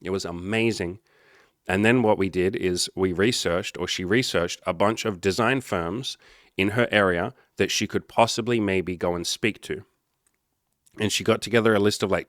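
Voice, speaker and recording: Low-voiced, blunt, swearing male coach. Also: a bit bright, no room sound, studio quality. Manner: blunt, heavy swearing, emphatic. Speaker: life coach. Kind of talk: casual storytelling monologue.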